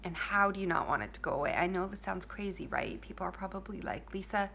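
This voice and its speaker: A woman giving a heartfelt self-help talk to her viewers, speaking softly and intimately, dropping at times to a whisper and repeating key phrases. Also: on the low side, fast talker, gravelly, slight background noise.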